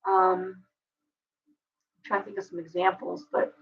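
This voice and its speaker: A woman hosting a live tarot reading, chatty and meandering with many asides, her voice going hoarse. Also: on the low side, little pitch movement, measured pace, lo-fi sound. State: losing her voice.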